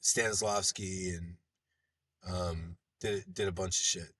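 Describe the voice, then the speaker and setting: A man's voice: low voice, fairly even intonation, slow, fairly bright tone. A man from Los Angeles, a screenwriter and producer, guesting on a podcast and telling rambling, profanity-laced stories in casual conversation. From Los Angeles, United States. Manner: rambling anecdotal storyteller who swears freely.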